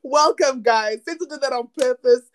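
A woman's voice: high voice, normal speed. Chatty slang-loving woman podcast host. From South Africa. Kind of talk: casual chat.

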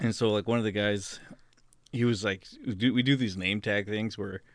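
A man's voice: lowish voice, fairly even intonation, moderate pace, no room sound, studio quality. A man co-hosting a podcast, telling stories in a laid-back way and swearing freely. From United States. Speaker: podcast co-host. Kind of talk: casual chat.

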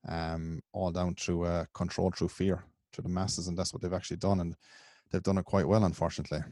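A male interviewer with a very low, level voice. His tone is dark and mellow, recorded dry and close. He agrees readily with his guest and asks long, rambling questions. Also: level tone, fairly quick, dry recording. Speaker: podcast interviewer. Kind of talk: casual interview.

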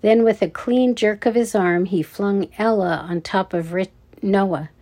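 A woman narrating a children's adventure audiobook in a measured, expressive way. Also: mid-range voice.

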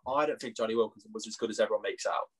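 A man's voice: lowish voice, rapid-fire, fairly bright tone, husky. A young English man co-hosting a casual sports podcast, joking and laughing often. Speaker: podcast co-host. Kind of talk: casual chat.

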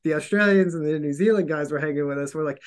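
A man talking in casual chat, animated and rambling, full of fillers, acting out quoted voices and swearing. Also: a little high, fast, clear, resonant tone.

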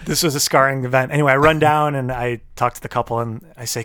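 A man co-hosting a casual podcast, recounting a story with lively self-quoting. The sound is dry and close to the mic. His voice sits at a middling pitch. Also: fast, clear, resonant tone, dry recording. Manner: animated storyteller who acts out his own quotes. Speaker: podcast co-host. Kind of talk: casual chat, telling a story.

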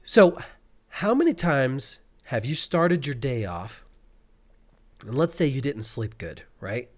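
A man co-hosting a podcast, telling an animated story and acting out frustrated cursing. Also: mid-range voice, slow. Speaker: podcast co-host. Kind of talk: casual podcast chat.

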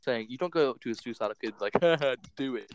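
A man's voice: medium pitch, a little fast, clear, resonant tone, no echo. A teenage young man chatting casually with friends, making short, dry remarks.

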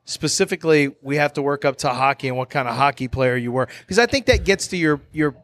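A man's voice: fairly high pitch, quick pace, a bit bright. A man co-hosting a podcast, teasing the guest with wisecracks. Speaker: podcast co-host. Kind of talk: casual chat.

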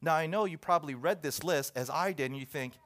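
A man's voice: on the high side, fast, a bit bright. A man preaching a sermon, reading a list aloud and joking with his listeners. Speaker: pastor.

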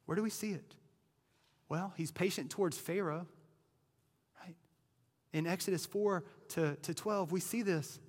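A man's voice: high voice, measured pace, pauses often, big-room sound. A man preaching a sermon as pastor, talking casually, often restarting words and checking in with "right?". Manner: conversational, repeats words, frequent "right?".

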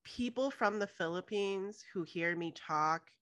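Relaxed woman podcast host. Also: mid-range voice, measured pace, clear, resonant tone, no echo. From Houston, Texas. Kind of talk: casual podcast interview.

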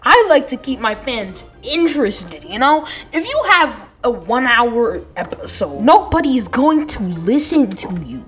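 A woman voicing a boastful, pompous boy podcaster who taunts his rivals in a brash, lively way. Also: a little high, measured pace, few pauses, faint music behind. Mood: mocking.

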